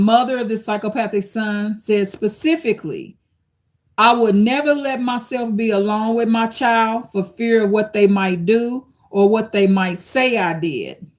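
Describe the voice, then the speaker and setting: A woman's voice: medium pitch, darkish tone. A woman hosting a live stream, reading an article aloud and commenting on it casually to her viewers. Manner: conversational, addresses viewers as y'all, reads quotes aloud. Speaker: channel host reacting to an article.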